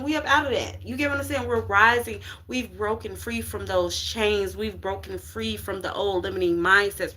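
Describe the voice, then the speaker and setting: On her live stream, a spiritual reader with a high-leaning, sharp-toned voice offers a casual tarot reading. She's preachy and uplifting, using plenty of slang and call-and-response, and she says "you get what I'm saying" again and again.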